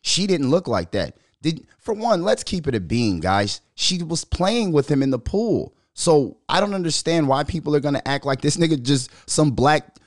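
A man hosting his own podcast, talking sports in a loose, profane style, often laughing and getting loud. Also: on the high side, moderate pace, few pauses, dry recording, studio quality. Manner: loud, animated, laughing, swears a lot. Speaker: podcast host. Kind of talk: casual profane sports commentary.

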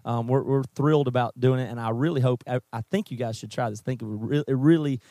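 A man's voice: mid-range voice, quick pace, dark tone, dry recording. Brief: male podcast host doing a casual, upbeat sponsor read, mid-range voice, dry close mic. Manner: upbeat, chatty.

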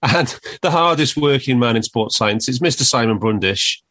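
A man's voice: mid-range voice, animated, moderate pace, fairly bright tone. Jokey male podcast host. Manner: jokey, laughs often. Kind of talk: casual sports podcast chat.

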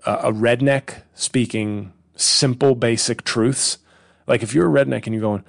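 Brief: sardonic comedian host, gravelly mid voice, dry close mic. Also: male voice, mid-range voice, steady tone, measured pace, no room sound. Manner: rambling, profane, sardonic. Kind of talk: casual solo podcast monologue.

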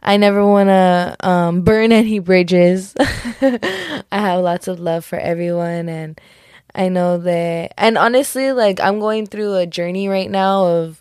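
Hosting her own podcast alone, the young woman wanders from point to point, laughing things off as jokes, correcting herself, and saying "like" and "just kidding" a lot. She speaks at a measured pace in a medium, darkish voice that's clear and resonant. The sound is studio quality, with no room sound.

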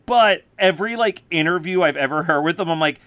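A man co-hosting a podcast in casual chat, animated and quick to laugh. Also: a little high, dry recording. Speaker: podcast co-host.

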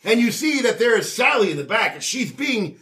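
Brief: high-voiced, lively male game master, loud and profane, echoey room, mic far off. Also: brisk. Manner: loud, profane, dramatic, often shouting. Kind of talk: narrating a tabletop game.

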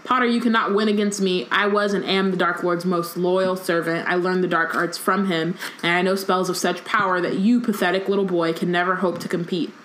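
A woman voicing a cruel, gloating adult dark witch with a taunting, sneering manner, in a roomy-sounding recording. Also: on the low side, steady tone, brisk, hardly any pauses, slight background noise, lightly acted.

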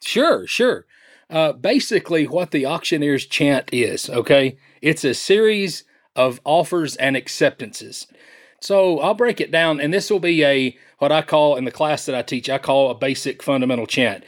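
A man from Tennessee, a champion auctioneer who breaks into a rapid, rhythmic chant and explains it in a friendly way. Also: on the high side, expressive. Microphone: phone line.

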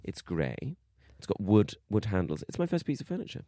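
Playful man with lively pitch. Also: brisk, dry recording. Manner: playful, musing, animated. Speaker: podcast co-host. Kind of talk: casual chat.

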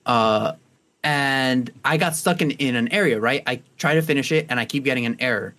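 In casual podcast chat, a young adult male co-host speaks at normal speed in a medium-pitched, fairly bright voice. His talk wanders, thick with fillers and restarts.

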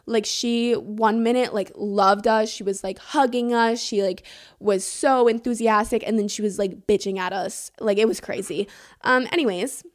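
A woman's voice: mid-range voice, fairly even intonation, moderate pace. Teen girl podcast host, chatty rambling storyteller, filler-heavy, casual swearing. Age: teens.

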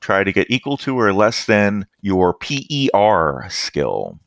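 A man narrating as game master of a tabletop game, easygoing and halting, with many fillers. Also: big pitch swings, gravelly, a bit bright, no room sound, clean studio sound. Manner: easygoing, halting with fillers, brief squeaky voices for side characters.

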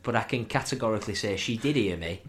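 A man's voice: lowish voice, animated, fast talker. A young man, co-hosting a podcast and telling rowdy, laughing football stories, saying "were" for "was". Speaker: podcast co-host. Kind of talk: casual chat.

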